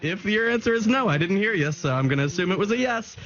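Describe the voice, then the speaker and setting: A man's voice: high-pitched, fast talker, dull audio. A young American man in his twenties hosting a radio show in a studio, playful and giggly. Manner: giggly and playful, animated swings. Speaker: radio host. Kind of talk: lively radio presenting. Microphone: studio microphone.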